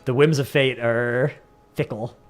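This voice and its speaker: A man's voice: medium pitch, fairly even intonation, measured pace, faint music behind. Rambling Northern Californian male streamer. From San Francisco Bay Area. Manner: rambling, says "like" a lot. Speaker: livestreamer. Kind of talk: casual chat with viewers.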